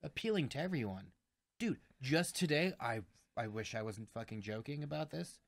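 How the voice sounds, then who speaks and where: A young man co-hosting a casual chat show over drinks, talking in an animated way and swearing often. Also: medium pitch, normal speed, vocal fry, no echo. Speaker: co-host.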